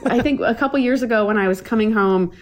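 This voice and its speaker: A woman in her thirties, a podcast guest telling family stories in casual chat, with many restarts and lively put-on voices for her relatives. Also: fairly high pitch, fast talker. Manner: chatty storyteller, many likes and restarts, acts out family quotes.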